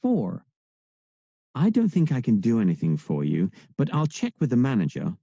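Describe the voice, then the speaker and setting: An actor reading numbered example lines as a shop clerk in a listening exercise, with widely varying intonation. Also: male voice, medium pitch, wildly swooping pitch, normal speed, vocal fry, dark tone, slightly rough, no echo, lo-fi sound, full character voice. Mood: varied. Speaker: exercise narrator and speaker.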